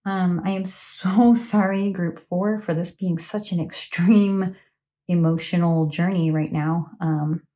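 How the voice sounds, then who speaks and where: Lady doing a tarot reading into her phone, lowish warm voice, chatty, lots of ums. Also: steady tone, slow pace. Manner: chatty, earnest, frequent ums and "okay?". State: emotional, close to tears. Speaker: tarot reader. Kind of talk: casual tarot reading to camera. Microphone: phone camera.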